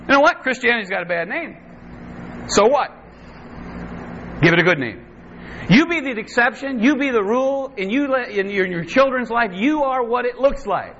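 A man preaching a sermon as pastor, emphatic, with repeated refrains and lively quoted asides. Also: sits high. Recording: slightly dull sound with faint noise.

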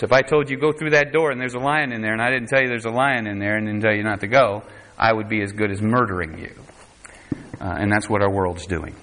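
A man's voice: on the low side, sharp tone. A man preaching a conversational sermon, quoting scripture in a dramatic voice. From United States.

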